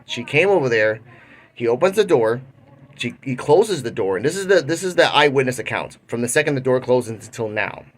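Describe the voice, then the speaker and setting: A man's voice: medium pitch, animated, brisk. A young man hosting an online commentary show, casually retelling a news story with frequent restarts. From Puerto Rico. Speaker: commentary channel host.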